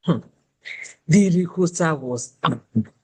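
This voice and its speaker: A woman host tells a personal story in a relaxed conversational flow. She is candid and animated and pokes fun at herself as she talks. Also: deep voice, slow pace, breathy edge. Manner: candid, animated, self-deprecating.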